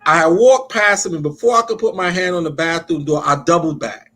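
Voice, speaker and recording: Male pastor-host with a high pitch; preachy, emphatic storyteller who drags out key words. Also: sharp tone, soft background music. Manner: emphatic storyteller, slows down to stress points. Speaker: pastor and call-in show host. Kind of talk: conversational sermon-style talk.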